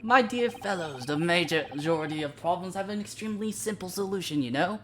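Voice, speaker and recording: A woman doing a theatrical posh British gentleman detective. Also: on the low side, expressive, brisk, a little hiss or hum, pitched above the performer's own voice, lightly acted. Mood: grandiose. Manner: theatrical, grandly playful. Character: flamboyant eccentric British male detective. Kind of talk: live game dialogue reading. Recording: voice over loud game music.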